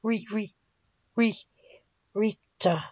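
Brief: a woman voicing a tear-choked father, stammering as he cries, slow and low, in a dull, dry recording. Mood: tearful. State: crying. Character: grieving father, a grown man, breaking down.

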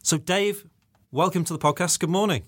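A man's voice: high voice, moderate pace. A man co-hosting a podcast, chatting casually and introducing and questioning a guest in a friendly way. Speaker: podcast co-host. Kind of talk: casual chat and interviewing.

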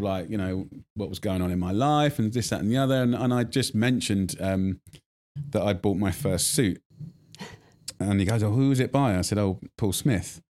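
An English man in his forties, a chef being interviewed, telling animated stories full of fillers and restarts. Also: low voice. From England. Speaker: guest chef. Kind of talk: casual interview chat.

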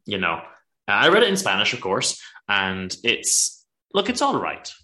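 Podcast host, male, low and bright, loose rambling book chat, echoey room. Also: wildly swooping pitch, measured pace. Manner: chatty, rambling with restarts and asides.

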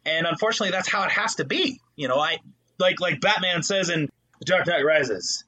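This man co-hosts a podcast, spinning profane, lively stories in casual conversation. His voice is high-pitched with vocal fry and a slight roughness, and he talks fast.

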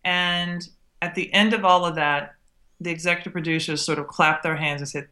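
A middle-aged woman from the South, a guest who tells her stories in an animated way and acts out the exchanges she remembers. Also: fairly low pitch, normal speed. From Southern United States. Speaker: guest, TV chef. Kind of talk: interview storytelling.

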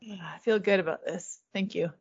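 A young woman co-hosting a podcast in casual chat, deadpan and giggly, fond of gross-out jokes. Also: medium pitch, moderate pace, slightly rough, dull audio. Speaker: podcast co-host.

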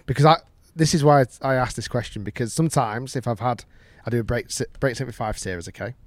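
A man's voice: mid-range voice, quick pace, dry recording. A man hosting a golf podcast, asking long, winding questions and agreeing with short replies. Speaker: podcast host. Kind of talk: conversational interview.

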